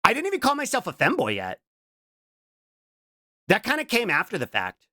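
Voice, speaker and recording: A man's voice: sits high, huge pitch swings, normal speed, pushed and bright, dry recording, clean studio sound. A young man streaming casually as a VTuber, rambling with restarts and giggles and breaking in with a repeated blurted "What?" tic. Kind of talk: casual live-stream chat.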